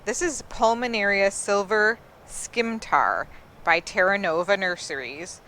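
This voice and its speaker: A woman's voice: mid-range voice, a little slow, bright, forceful tone, a little hiss or hum. A woman giving a casual, enthusiastic tour of an outdoor garden, admiring the plants in a chatty way. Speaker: gardening vlogger.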